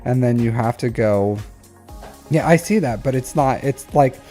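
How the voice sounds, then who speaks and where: Casting note: mellow-voiced man, rambly live-stream reviewer, faint music underneath. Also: mid-range voice, a little slow. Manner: rambling, repeats phrases, frequent "like" and "um". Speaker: streamer giving account reviews. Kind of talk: casual live-stream commentary.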